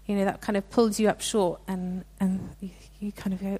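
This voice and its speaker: A woman's voice: medium pitch, little pitch movement, moderate pace, warm tone, breathy edge. A young woman giving a sermon in a conversational, earnest way, with frequent restarts. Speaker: preacher.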